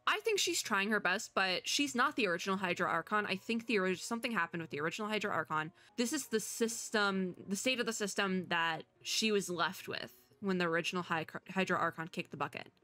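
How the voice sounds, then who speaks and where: A young woman streamer rambling excitedly as she comments on a game she is playing. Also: mid-range voice, a little fast, few pauses. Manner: chatty, excitable, rambling, laughs often. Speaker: VTuber streamer.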